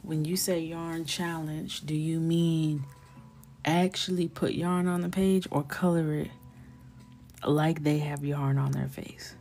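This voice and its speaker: A woman's voice: low voice, steady tone, slow, dark tone. A middle-aged woman hosting a coloring livestream, chatting casually and jokingly while reading viewer comments. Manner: chatty, joking, reads chat aloud.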